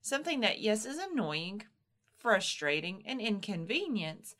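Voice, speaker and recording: A woman's voice: mid-range voice, big pitch swings, measured pace, a bit bright. A woman co-hosting a casual podcast and walking listeners through postpartum health. She explains patiently and reassuringly, and now and then voices a new mom's thoughts to make her point. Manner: explanatory, reassuring, acts out moms' inner voices.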